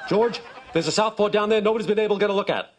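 A man voicing a big, blustery male baseball team owner in a noisy sitcom clip. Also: lightly acted. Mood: scheming. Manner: rambling, booming and rapid.

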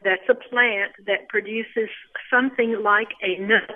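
A woman's voice: mid-range voice, steady tone, measured pace. A woman, a local tour guide, patiently explaining things in a phone interview. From Louisiana. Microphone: telephone. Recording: tinny phone line.

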